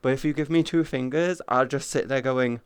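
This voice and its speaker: A man's voice: medium pitch, a little fast, smooth, dry recording. A man livestreaming in VR, chatting casually with viewers in crude, profane, joking banter. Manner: greets and thanks chat viewers.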